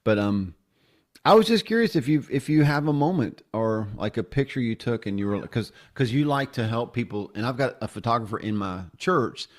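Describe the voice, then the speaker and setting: A man's voice: mid-range voice, expressive, normal speed. A man who is a pastor and podcast host, chatting casually and telling self-deprecating stories. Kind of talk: casual interview chat.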